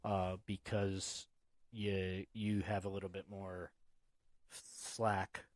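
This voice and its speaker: A man hosting a casual podcast, telling rowdy stories full of cursing and loud impressions. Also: sits low, slow, dry recording. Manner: profane, animated storytelling with shouted impressions. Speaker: podcast host. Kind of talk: casual chat.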